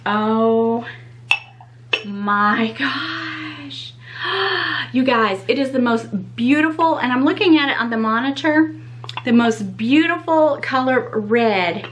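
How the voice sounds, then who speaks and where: A woman hosts a casual YouTube unboxing vlog, gushing and exclaiming in delight while addressing her viewers directly. Her fairly high voice is expressive and slow, and the sound is lo-fi.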